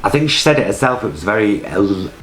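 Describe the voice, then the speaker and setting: A man's voice: on the low side, big pitch swings, quick pace, a bit bright, reverberant, soft background music. A man with an English accent co-hosting a casual review chat, camp and gushing. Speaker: co-host reviewing a TV show.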